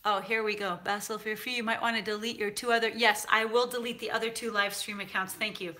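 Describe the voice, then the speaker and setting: A woman from San Francisco hosts a cooking show, chatting casually in a live stream as she reads viewer comments, animated and full of fillers. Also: mid-range voice, quick pace. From United States (San Francisco).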